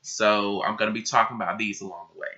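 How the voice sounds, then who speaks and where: A young man vlogging casually to camera, his voice a bit croaky from just waking up, talking emphatically with lots of "like" and casual swearing. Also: fairly low pitch, fairly even intonation, fast, sharp tone. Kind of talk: casual vlog talk to camera. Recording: dull lo-fi recording.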